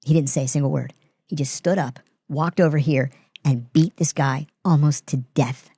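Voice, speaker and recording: A middle-aged man telling blunt, deadpan stories as a podcast guest, casually and with some profanity. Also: fairly high pitch, moderate pace, slightly rough, no echo, clean studio sound. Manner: blunt, profane, deadpan delivery of grim anecdotes. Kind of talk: casual storytelling.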